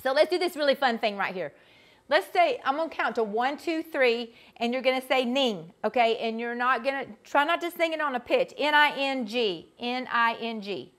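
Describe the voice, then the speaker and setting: A woman's voice: sits high, expressive, a little fast. Folksy Georgia woman vocal coach. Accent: Southern US, Georgia. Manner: chatty and folksy, addresses the group directly. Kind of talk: live teaching session.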